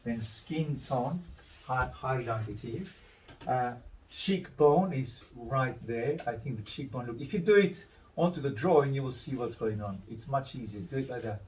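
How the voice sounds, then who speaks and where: A man's voice: medium pitch, unhurried, a little mellow. Male art teacher, live drawing demo, self-correcting, a bit far from the mic, faint hiss behind. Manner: talks through each step, correcting himself as he draws. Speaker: art instructor.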